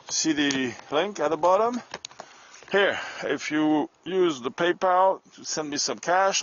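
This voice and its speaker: A man's voice: on the high side, muffled recording, slight background noise. A man hosting a casual night-time livestream outdoors, chatting and joking as he walks. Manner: chatty, joking, talks to his dog. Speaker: live-stream host. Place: outdoors at night on a country road.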